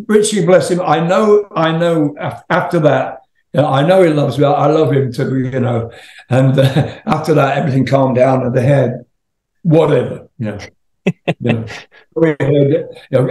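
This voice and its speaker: In a roomy-sounding recording, an older rock singer being interviewed speaks in a voice on the high side with a darkish tone. He tells drawn-out, rambling stories casually, peppered with laughs and swearing.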